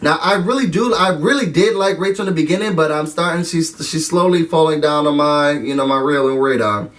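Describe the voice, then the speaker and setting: A man giving a casual, animated recap and review of a TV episode, talking straight to his viewers. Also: on the high side, fairly quick, recorded from a distance. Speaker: TV recap vlogger.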